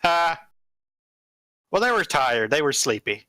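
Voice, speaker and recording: A man playing a tabletop game, his voice bright and sharp. He keeps asking questions and joking with the group, and the sound is close and dry. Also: a little high, sing-song, measured pace, no room sound. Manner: questioning, playful. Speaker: player. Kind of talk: casual tabletop play.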